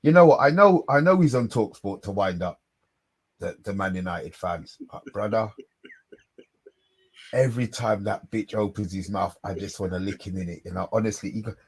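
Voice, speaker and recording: A man co-hosting a live fan stream, excitable and slangy, often repeating himself. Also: fairly low pitch, breathy edge. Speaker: podcast co-host.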